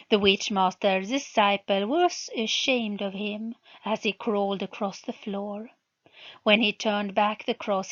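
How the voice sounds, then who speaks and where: A woman narrating a book aloud, reading slowly and carefully. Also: medium pitch, dull audio. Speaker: reader, channel host. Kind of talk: storybook narration.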